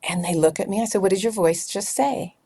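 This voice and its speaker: Animated middle-aged woman telling stories. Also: medium pitch, fast, breathy edge. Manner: animated storyteller acting out dialogue. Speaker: guest, teen leadership trainer. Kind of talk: conversational interview storytelling.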